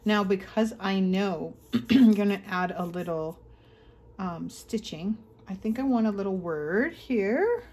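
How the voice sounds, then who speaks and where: A woman chatting casually through a craft tutorial, thinking aloud as she works and often clearing her throat. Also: medium pitch, animated, unhurried, darkish tone. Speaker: craft vlogger.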